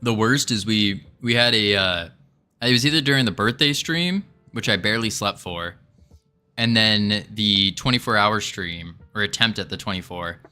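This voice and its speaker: A man's voice: on the low side, moderate pace, pushed and bright, clear, resonant tone, faint music behind. A man streaming his game development work, chatting casually and thinking aloud while he codes, joking and rambling as he goes. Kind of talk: casual live-stream chat while coding.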